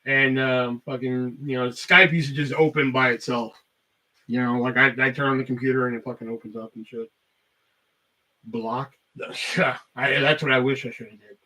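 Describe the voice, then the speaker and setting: A man's voice: medium pitch, fairly even intonation, moderate pace, bright, forceful tone, far from the mic, poor audio. A man hosting a podcast, telling a rambling story in casual talk full of swearing. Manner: rambling, heavy cursing. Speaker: podcast host.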